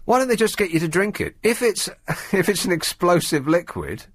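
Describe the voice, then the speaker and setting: A man's voice: high voice, very animated, moderate pace, dry recording. A man hosting a radio phone-in in a studio, talking casually in a sardonic, mocking way. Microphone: studio microphone.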